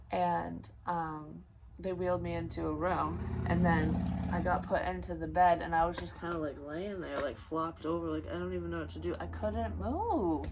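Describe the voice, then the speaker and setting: Low-pitched woman just rambling on about stuff, lots of likes and swearing, kinda emotional. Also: gravelly, a little hiss or hum, rough recording. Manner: rambling, profane, emotional retelling with many fillers. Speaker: vlogger. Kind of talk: casual storytelling.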